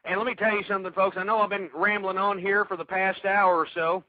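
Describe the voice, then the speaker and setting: On his call-in radio show, this host delivers an angry political rant, insulting listeners and stumbling over restarts. His high voice holds a level tone and he talks fast. The audio is dry, tinny, and phone-like.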